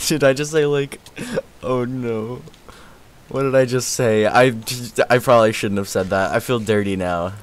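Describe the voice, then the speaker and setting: An excitable young man talks through a live game stream, chatting with viewers and laughing often. His mid-range voice sounds tired and worn out, and he jumps to yelps and shouts when something startles him. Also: mid-range voice, unhurried, clean tone. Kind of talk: casual live-stream chat.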